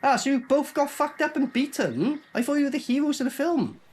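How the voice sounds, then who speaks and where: A man's voice: extremely high pitch, lively intonation, fairly quick, faint music behind. A young man giving sweary, mocking casual commentary while reviewing a film. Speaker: movie reviewer.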